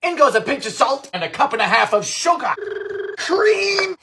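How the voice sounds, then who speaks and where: A young man from Bermuda, with a Bermudian accent, narrating a comedic baking video in a theatrical, campy way, switching between sudden high squeals and deadpan asides. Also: fast.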